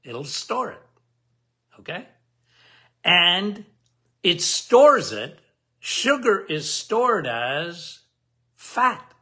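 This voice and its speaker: A man's voice: sits high, big pitch swings, extremely slow, pauses often, bright, forceful tone. A man hosting a health podcast, explaining in an emphatic, repetitive way and asking the listener questions.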